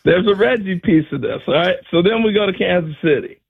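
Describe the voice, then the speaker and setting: A former ball player, an older man, tells animated stories on a talk show and acts out other people's lines with laughs. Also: sits high, brisk, vocal fry, slightly rough. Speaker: former baseball player, guest. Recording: dull lo-fi sound.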